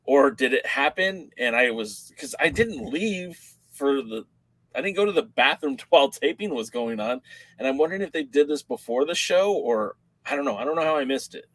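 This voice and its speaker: A man co-hosting a podcast in casual chat, an animated storyteller who acts out the voices of the people in his stories. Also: a little high, moderate pace, no echo, low-quality recording. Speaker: podcast co-host.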